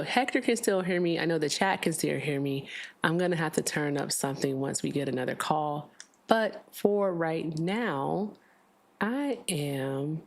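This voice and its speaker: A woman with a notably low voice hosts a home livestream on a desk mic. She talks casually and loosely, breaking off into sarcastic side comments as she reads. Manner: chatty, sarcastic asides while reading aloud. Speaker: livestream political debate host.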